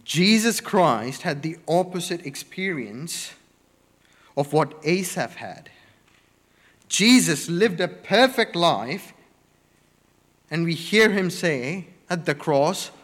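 A man preaching a sermon, slow and deliberate, stressing words one by one in emphatic lists. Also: a little high, lively intonation, a bit bright, in a large hall.

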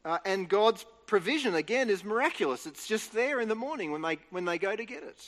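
A man's voice: sits high, animated, brisk, a bit bright. A man giving an earnest, explanatory Bible teaching talk, restarting phrases as he goes. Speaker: preacher. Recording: reverberant hall.

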